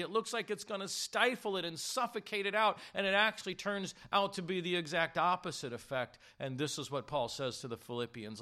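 A man preaching a sermon with a bright, forward voice set a little high. He turns to the congregation with rhetorical questions, then slows and drops low to press key words home. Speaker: pastor.

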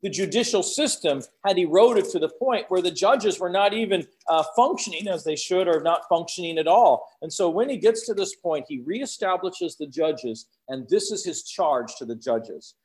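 Man, preacher, sermon, slightly high voice, animated, booming scripture readings. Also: moderate pace, few pauses. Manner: animated, booming when quoting scripture, chatty asides.

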